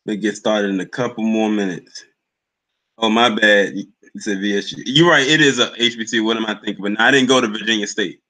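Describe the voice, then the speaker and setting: A young man hosts his own livestream, chatting casually and calling out viewers by name as they come in. His voice sits a little low but has a bright, forceful edge. The pace is relaxed and loose. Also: brisk, poor audio. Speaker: livestream host. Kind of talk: casual live chat with viewers.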